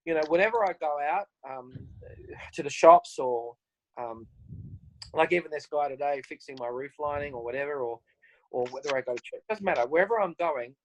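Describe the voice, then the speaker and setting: A man's voice: a little high, a little hiss or hum, rough recording. An Australian man speaking on a video call, telling stories in an upbeat way and acting out conversations. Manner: upbeat, animated, acts out conversations. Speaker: guest speaker. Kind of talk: motivational storytelling on a video call.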